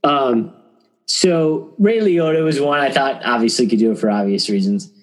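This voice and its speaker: A man co-hosting a casual podcast chat from home, with dry, unhurried remarks. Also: medium pitch. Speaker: podcast co-host.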